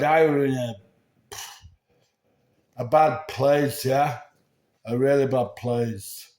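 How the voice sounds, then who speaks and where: A man's voice: medium pitch, drawn-out words, pauses often, darkish tone. A man in his sixties from England, delivering a rambling, sweary monologue to camera and constantly checking in with the listener. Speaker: vlogger. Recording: echoey room.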